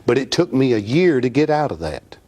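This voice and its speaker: A man's voice: medium pitch, big pitch swings, brisk, mellow. Folksy man spinning a yarn. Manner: folksy, laughing anecdotes with quoted voices. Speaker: guest singer. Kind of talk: casual storytelling.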